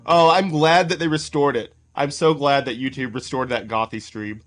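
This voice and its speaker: A man's voice: mid-range voice, steady tone, normal speed, a bit bright, soft background music. A man casually commenting on clips during a live stream, reading out chat names and laughing often. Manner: chatty, laughs often, greets chat by name.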